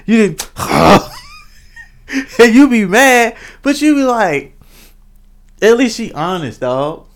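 Podcast co-host, man, blunt and joking, slightly high-pitched. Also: animated, takes it slowly, pauses often. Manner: blunt, joking, profane storytelling. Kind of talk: casual podcast banter.

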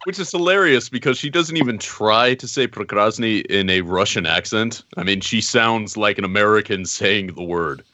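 A man in a casual podcast chat, joking and animated. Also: on the low side, normal speed, hardly any pauses, no room sound.

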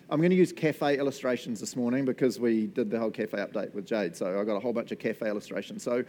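A man's voice: medium pitch, darkish tone. A young adult man with a New Zealand accent, preaching a casual, playful sermon as pastor and acting out customers in silly voices.

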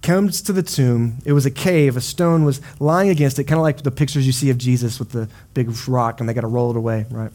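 A man's voice: mid-range voice, a little fast, hardly any pauses, mellow. A man preaching a sermon as pastor, building passionate repetitive runs and dropping in casual exclamations. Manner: impassioned, repetitive preaching cadence.

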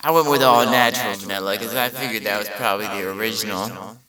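A man's voice: lowish voice, quick pace, bright, forceful tone, recorded from a distance. A man hosting a comedy podcast, rambling through a profane, incredulous monologue. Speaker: podcast host.

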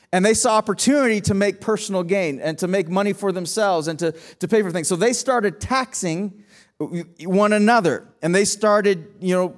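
A man preaching a sermon as pastor, emphatic, asking rhetorical questions and often restarting his phrases. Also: high-pitched.

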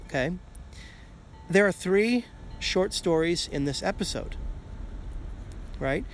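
A man talking on his own for a podcast, with a voice a little higher than most men's. He rambles loosely, often stops to ask "okay?", and swears now and then. A faint hiss of noise sits underneath. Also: normal speed, long pauses. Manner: rambling, keeps asking "okay?", swears casually. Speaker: podcast host. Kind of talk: casual solo monologue.

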